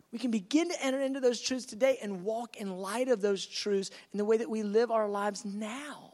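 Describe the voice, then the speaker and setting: A man preaching a sermon, acting out conversations with God by dropping to a soft, low voice for God's replies and keeping an emphatic, repetitive preaching rhythm.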